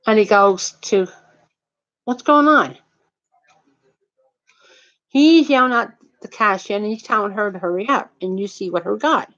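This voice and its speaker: A woman's voice: medium pitch, brisk, hardly any pauses, fairly bright tone. Woman rambling through a heated story, lo-fi. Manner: rambling, repetitive, heated retelling. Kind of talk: casual personal anecdote. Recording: dull lo-fi recording.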